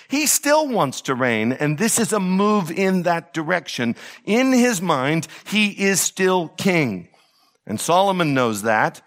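A man's voice: fairly high pitch, sing-song, unhurried, a bit bright. A man teaching through a Bible passage, asking rhetorical questions and paraphrasing the verses with emphasis.

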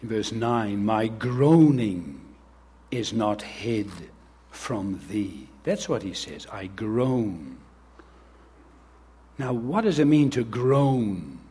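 A man's voice: lowish voice, expressive, slow pace, warm tone, breathy edge. A man preaching an earnest sermon as pastor, reading scripture and speaking directly to the children.

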